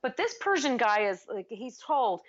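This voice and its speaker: A woman co-hosting a podcast in casual chat, animated and acting out scenes as she retells them. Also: a little high, moderate pace, breathy edge, lo-fi sound. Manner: animated, acts out movie characters with shouting. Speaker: podcast co-host.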